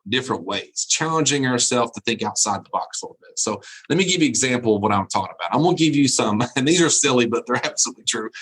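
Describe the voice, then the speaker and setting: A man delivers a motivational keynote over a video call, his voice sitting at an ordinary middle pitch. He is an animated storyteller who chuckles at his own anecdotes. Then he turns earnest, encouraging his listeners and telling them they matter. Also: low-quality recording. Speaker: college dean giving a keynote. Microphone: video call mic.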